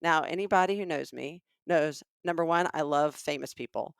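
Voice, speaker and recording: A middle-aged Southern woman with a Southern US accent co-hosts a podcast, her voice sitting low with vocal fry at a moderate pace. She animatedly tells a comedic story, acting out the voices and dialogue of its characters. The studio-quality audio is clean, with no room sound.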